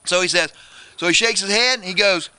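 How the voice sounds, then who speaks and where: A man's voice: high voice, brisk, pushed and bright, smooth, dry recording. A man giving a playful booktalk to children, addressing them directly and building suspense. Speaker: children's book reviewer.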